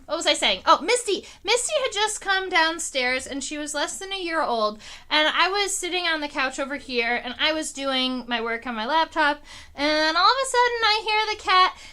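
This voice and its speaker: A high, bright young woman chats to her livestream viewers from home. She tells stories loosely, with fillers and restarts. Her pitch jumps up when the story gets exciting. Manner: animated, pitch rising on exciting parts. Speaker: entomologist streamer. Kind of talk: casual livestream chat. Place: home living room.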